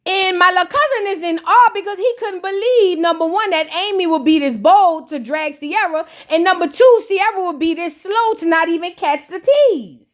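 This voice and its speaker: A woman with a high voice recaps a reality show in a gossipy, sassy tone. She tells it casually, like juicy news for a friend. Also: animated, moderate pace, few pauses. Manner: gossipy, sassy, colloquial storytelling.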